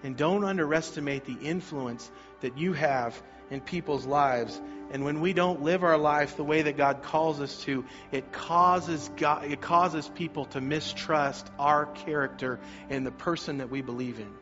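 Energetic preaching man with a high voice. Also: measured pace, hardly any pauses, lo-fi sound, faint music behind. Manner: energetic preaching, asks the congregation to repeat lines. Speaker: pastor. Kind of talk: sermon.

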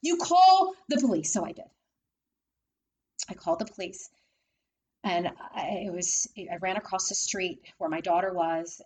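A woman's voice: on the low side, darkish tone, slightly rough, low-quality recording. A woman telling her own life story as a candid monologue, repeating phrases and asking the listener rhetorical questions. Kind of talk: personal testimony monologue.

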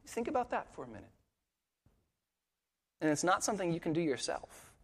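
A man pastor preaching a sermon with earnest intensity, dropping quiet and rising for emphasis. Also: on the high side, big pitch swings, a little fast, breathy edge, big-room sound.

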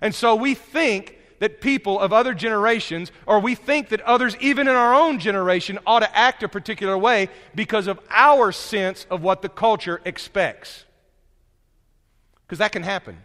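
A male preacher giving a sermon in a conversational, animated storytelling manner, often restarting his phrases. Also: high voice, normal speed. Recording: long reverb of a hall.

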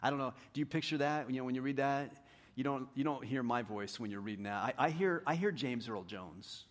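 A man preaching a sermon, telling stories in an animated, self-deprecating way and swinging between hushed and loud delivery. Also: mid-range voice, brisk. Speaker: pastor. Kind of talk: sermon with storytelling.

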